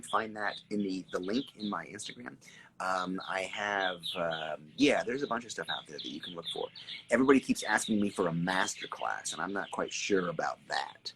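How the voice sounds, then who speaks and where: A man hosting a casual live stream outdoors, reading viewer comments, greeting people by name and talking in an animated, repetitive way with some swearing. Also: sits low, a little hiss or hum. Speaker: artist and creative coach hosting a live stream. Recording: birds chirping clearly in the background.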